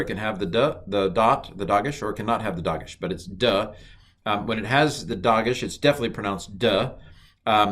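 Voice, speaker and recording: A man teaching a recorded language lesson, chatty, reciting letters slowly and cracking mild jokes. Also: fairly low pitch, fairly bright tone.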